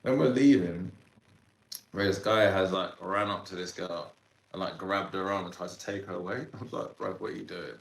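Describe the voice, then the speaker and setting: A man in his thirties tells a story as a podcast guest, animated and slangy with lots of fillers. His voice sits on the low side. The room around him has a noticeable echo. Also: normal speed. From Sudan, raised in Ireland. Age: 30s. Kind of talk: casual storytelling interview.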